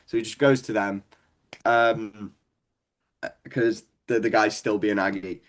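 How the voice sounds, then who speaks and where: A man's voice: fairly low pitch, steady tone, takes it slowly. Scouse young man telling comedy stories. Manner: rambling, sweary, laughs at his own stories. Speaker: guest stand-up comedian. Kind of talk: casual storytelling chat.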